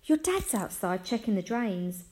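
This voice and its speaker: A woman's voice: mid-range voice, very animated, measured pace, darkish tone, voice pushed up. A woman doing a flustered, fretful mum. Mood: panicked. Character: flustered fussing mother.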